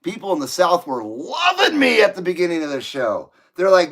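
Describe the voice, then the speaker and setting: Man, stream host, fairly high voice, lively swooping pitch, jokey, swears a lot, rambling. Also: normal speed, husky. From Ventura County, California. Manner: joking, profane, rambling and self-mocking. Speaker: livestream host. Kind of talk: casual live-stream chat, reading viewer comments.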